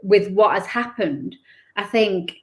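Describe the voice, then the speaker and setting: A woman opens up as an interview guest. She talks candidly and with feeling, stopping and restarting her sentences as she recounts hard times. Her pitch sits at a middling level. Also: slow. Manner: candid and emotional, many restarts and self-corrections. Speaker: guest author. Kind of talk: personal storytelling in an interview.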